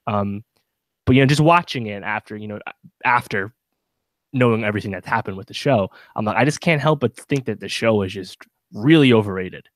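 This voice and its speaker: A man with a fairly low voice co-hosts a casual podcast, talking at length and circling back with many fillers and restarts. The sound is close and dry, with no room around it. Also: brisk, dry recording. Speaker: podcast co-host. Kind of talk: casual chat.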